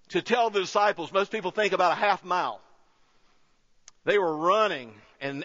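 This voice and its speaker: A high-pitched pastor in his fifties preaches in a chatty, storytelling way that builds to emphatic high points. His voice rings through a large sanctuary with a long reverb. The sound is slightly dull and muffled. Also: a bit bright. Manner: conversational preaching, swelling to emphatic peaks. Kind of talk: sermon. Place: church sanctuary.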